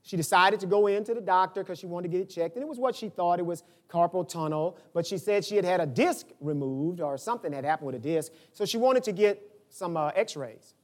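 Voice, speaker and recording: An older man preaching a sermon, dropping into quiet asides and rising to emphatic peaks. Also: brisk. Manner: animated preaching, swinging from low asides to high emphatic peaks. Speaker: pastor.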